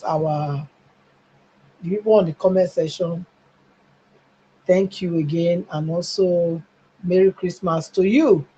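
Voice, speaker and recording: A husky-voiced middle-aged Nigerian woman giving call-in commentary on a live stream. She talks emphatically, pushing up toward near-shouting. The audio comes through slightly dull and lo-fi. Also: on the low side.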